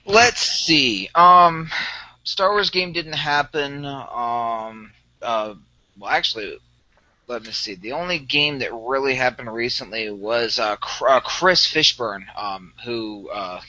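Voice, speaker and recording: Rambling bright-voiced man telling a game story. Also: mid-range voice, slow, dry recording, muffled recording. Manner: rambling storyteller with many fillers, laughs while telling. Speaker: podcast co-host. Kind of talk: casual chat about tabletop games.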